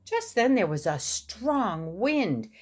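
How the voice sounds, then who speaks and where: A woman reading a picture book aloud to her boy, pausing to point out the pictures. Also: medium pitch, big pitch swings, husky. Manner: warm, explaining the pictures. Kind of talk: storybook read-aloud.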